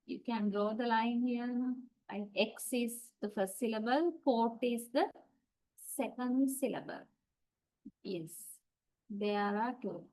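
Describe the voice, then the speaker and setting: A woman's voice: fairly high pitch, low-quality recording. A woman giving an online university lecture, explaining step by step and often checking with "right?".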